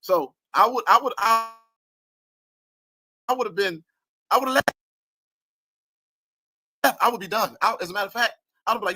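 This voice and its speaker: Animated, bright-voiced man ranting. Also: high voice, normal speed, pauses often, dry recording. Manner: animated, cussing, laughing often. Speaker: online commentator. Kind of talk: livestream commentary rant.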